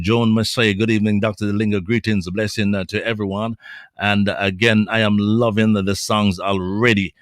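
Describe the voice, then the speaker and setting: A man co-hosting a gospel radio show, reading listener comments aloud with many hesitant pauses and fillers. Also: on the low side, dry recording, studio quality.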